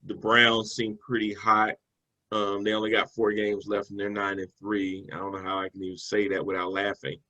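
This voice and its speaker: A man's voice: on the low side, completely flat delivery, normal speed, pushed and bright, rough recording. A man co-hosting a sports talk show, breaking down football games in a loose, conversational way with fillers and restarts. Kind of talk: casual sports analysis chat.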